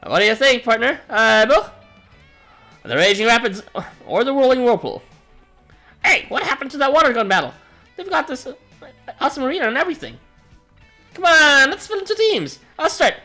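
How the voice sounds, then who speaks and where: A woman's voice: sits high, very animated, normal speed, pauses often, bright, forceful tone, faint music behind, voice pushed up, heavily acted. A woman voicing an eager, upbeat young man coaxing his friends into games.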